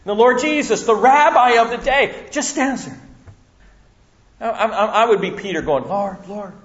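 A male preacher delivers a dramatic sermon in a church room. He swings from loud to hushed, in a high voice. The sound is dull and slightly lo-fi. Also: lively intonation, moderate pace.

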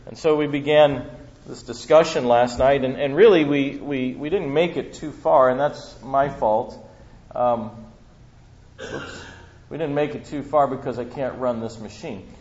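Guest preacher, male, mid pitch, relaxed storytelling style with fillers, muffled conference recording. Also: measured pace. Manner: casual storytelling with many fillers. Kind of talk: conference sermon. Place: conference hall. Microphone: handheld or stand microphone.

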